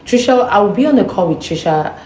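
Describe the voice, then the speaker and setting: A woman vlogger telling a personal story in an animated, indignant way, acting out the dialogue. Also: medium pitch, fairly quick, a little hiss or hum. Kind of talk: storytime monologue. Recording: echoey room.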